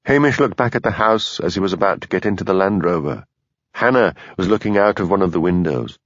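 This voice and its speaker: A man narrates a mystery audiobook in a low, steady voice. The recording is dry, close and a little dull. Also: fairly quick, dry recording. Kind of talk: scripted narration.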